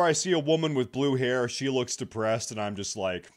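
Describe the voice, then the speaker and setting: A young man reacting to a video as a streamer, gloating and swearing, swinging between muttered asides and loud angry outbursts. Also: medium pitch, animated, normal speed. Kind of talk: casual reaction commentary.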